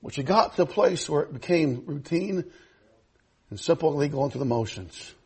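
A man preaching a sermon, swinging between loud fervent exhortation and hushed, low pleading. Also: lively intonation, normal speed, husky. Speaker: pastor.

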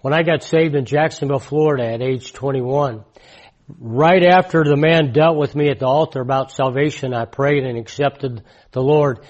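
A man in his sixties preaching in a conversational, emphatic way, repeating his key points and swinging from loud to hushed. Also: mid-range voice, moderate pace, highs cut off. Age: 60s. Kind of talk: conversational sermon testimony.

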